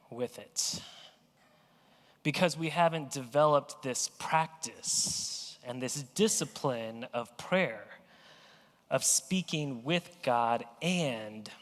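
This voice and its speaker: A man's voice: a little high, long reverb tail. A male pastor preaching a sermon in a conversational storytelling way, playfully acting out everyday phone calls. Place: church sanctuary.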